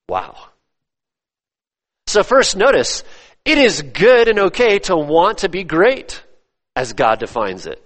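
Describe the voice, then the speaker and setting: Emphatic preacher in an echoing hall. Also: male voice, high voice, huge pitch swings, slow pace, pauses often. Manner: emphatic, repeats phrases, swings from loud to hushed. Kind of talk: sermon. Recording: long reverb of a church hall.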